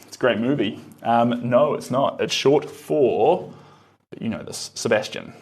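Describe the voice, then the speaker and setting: An easygoing man talks his way through a live painting stream. He murmurs quietly to himself as he works the brush and turns to answer chat in a relaxed, musing voice of middling pitch. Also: a little slow, breathy edge.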